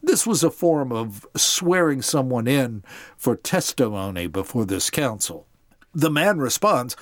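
A man's voice: medium pitch, very animated, a little slow, a bit bright, no room sound, clean studio sound. A man hosting a podcast, narrating a Bible story and explaining it to his listeners. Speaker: podcast host.

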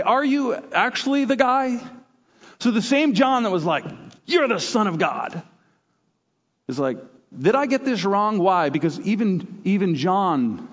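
A man's voice: fairly high pitch, long reverb tail, dull audio. A man from Canada preaching a sermon, telling stories animatedly and acting out quoted voices. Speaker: pastor.

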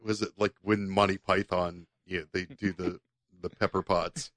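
A man's voice: sits low, level tone, normal speed, a bit bright, dry recording. A man co-hosting a podcast in casual chat, swearing freely and trading jokey banter. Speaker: podcast co-host.

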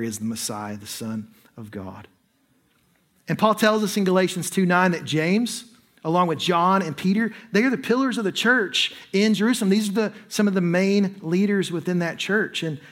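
A man preaching a sermon, explaining scripture in a conversational way and often checking in with the congregation. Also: on the high side. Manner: conversational preaching with frequent "right?" asides. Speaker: pastor.

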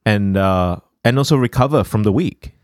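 A man co-hosting a podcast, talking in an animated, rambling way and laughing easily. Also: lowish voice, normal speed, clean tone, dry recording, studio quality. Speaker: podcast co-host. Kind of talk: casual podcast chat.

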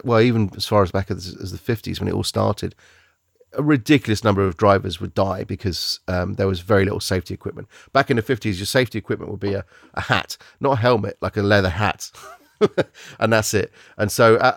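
A man's voice: lowish voice, creaky, no echo, clean studio sound. A man hosting a podcast, reviewing films in casual, rambling chat, often restarting and searching for words.

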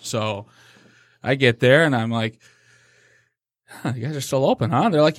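A man spinning a story on a podcast, slipping into slow, menacing voices when he quotes himself. He sounds close and dry, with no room around him. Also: mid-range voice, expressive, no echo. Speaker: podcast guest. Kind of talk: casual storytelling.

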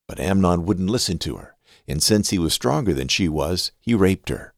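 A man hosting a podcast and reading scripture aloud in an expressive, scripted way. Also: deep voice, normal speed, vocal fry, no room sound, clean studio sound. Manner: expressive reading with a lively rise and fall.

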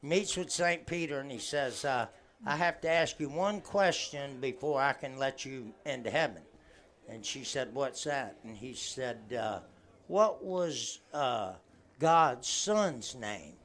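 A man's voice: mid-range voice, lively intonation, takes it slowly, a bit bright. A man telling folksy jokes to a live crowd, laughing at his own punchlines. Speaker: guest joke teller.

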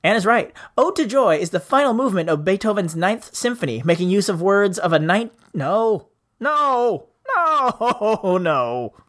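Playful middle-aged podcast host, lively pitch. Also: male voice, brisk, few pauses, a little hiss or hum. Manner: playful, goofy, stumbles over names. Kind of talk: jokey casual chat.

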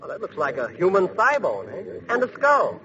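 An actor playing Bud, a fearless, cheeky young hero, joking and unflappable, in 1940s radio drama. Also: male voice, high voice, huge pitch swings, moderate pace, a crowd in the background. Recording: dull old radio broadcast with hiss.

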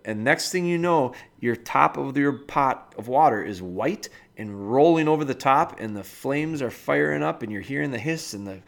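A man's voice: medium pitch, lively intonation, normal speed, vocal fry. A man hosting a podcast, casually giving a listener dog-training advice with homely analogies and speaking to her directly.

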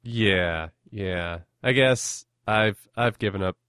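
A young man hosting a podcast chat, rambling and self-deprecating with easy laughs. His voice is on the low side and sounds dry and close to the mic. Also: slow, a bit bright, clear, resonant tone, no echo. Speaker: podcast host. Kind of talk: casual chat.

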